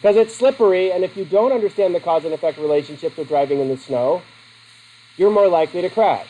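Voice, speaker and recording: High-voiced middle-aged male teacher lecturing. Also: fast, warm tone, low-quality recording. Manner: joking, conversational, asks the class questions. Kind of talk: classroom lecture. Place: classroom.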